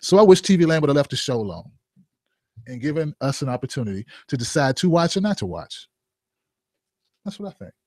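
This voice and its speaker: A man's voice: on the high side, big pitch swings, fairly quick, long pauses, a little mellow, no echo, studio quality. A man hosting a commentary show, joking and firing rhetorical questions and asides at his viewers. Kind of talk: opinion commentary vlog.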